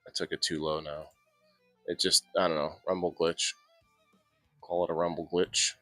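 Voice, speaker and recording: A man's voice: low voice, level tone, moderate pace, sharp tone, dry recording, soft background music. A man hosting a casual indoor gardening live stream, chatting loosely with plenty of restarts. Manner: rambling, chatty, frequent restarts and laughs. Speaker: host of an indoor growing show.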